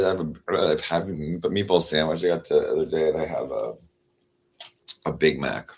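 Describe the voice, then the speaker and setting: Low-voiced male streamer, rambling and unhurried, talks to his cat between thoughts. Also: steady tone, a little mellow. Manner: meandering, heavy on fillers, coos at his cat. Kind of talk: casual rambling livestream chat.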